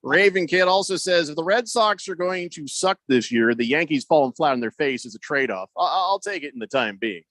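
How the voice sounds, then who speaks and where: A man's voice: on the high side, animated, brisk, hardly any pauses, a bit bright, dry recording. A man hosting a sports radio show, reading listener texts aloud with wry jokes in casual banter. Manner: wry, joking, reads messages aloud. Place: radio studio. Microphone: studio microphone.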